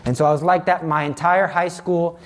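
A man's voice: fairly high pitch, steady tone, fairly quick. A man giving a personal faith testimony as a Catholic speaker, telling his story in an earnest, dramatic way.

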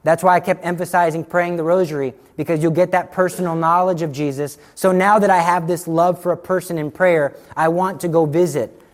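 Animated man preaching with acted-out dialogue. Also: fairly high pitch, brisk. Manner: animated storytelling, acts out dialogue. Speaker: Catholic speaker. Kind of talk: sermon.

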